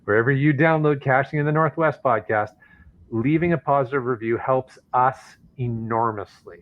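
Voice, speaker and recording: A man co-hosting a casual podcast, with a voice of middling pitch. He talks playfully and now and then puts on a mock announcer hype. The sound is a little dull and lo-fi. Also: moderate pace. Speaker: podcast co-host.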